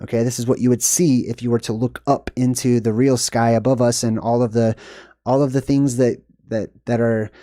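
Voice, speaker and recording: Mellow-voiced man rambling through movie commentary. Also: little pitch movement, moderate pace, no room sound, studio quality. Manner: rambling, checks in with "okay?" and "boom". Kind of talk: casual screen-share commentary.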